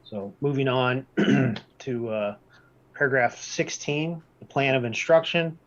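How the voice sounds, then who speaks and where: A man presenting a document overview in a measured way, repeating his key points for emphasis. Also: medium pitch, highs cut off. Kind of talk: reading-based presentation.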